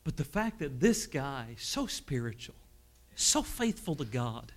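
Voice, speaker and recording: This sermon comes from a middle-aged man who tells personal stories, alternating loud outbursts with soft, emotional passages. He speaks slowly, his voice a little high and marked by big swings in pitch.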